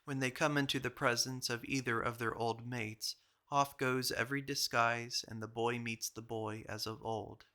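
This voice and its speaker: A man giving a measured audiobook reading of an old journal. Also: mid-range voice, steady tone, bright, forceful tone. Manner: measured, literary delivery. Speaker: reader.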